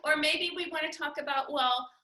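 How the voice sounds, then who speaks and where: A woman's voice: fairly high pitch, expressive, measured pace, bright, forceful tone, echoey room, a little hiss or hum. A woman teaching a communication workshop with her husband, chatty, with frequent laughs and restarts. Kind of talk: teaching talk with spouse.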